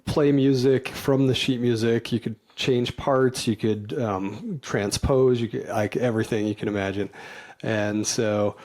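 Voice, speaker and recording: A middle-aged man appears as a podcast guest, his mid-range voice a little mellow. He tells his personal story candidly and emotionally, earnest and quick to laugh.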